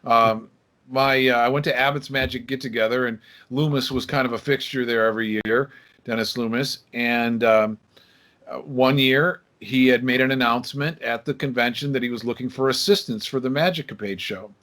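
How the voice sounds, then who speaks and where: Casting: man, sixties, podcast guest recounting his youth; plain mid-pitched voice, chatty and anecdotal, acts out the quotes. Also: normal speed. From Michigan, USA. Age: 60s. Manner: lively storyteller who acts out quoted dialogue. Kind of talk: casual interview storytelling.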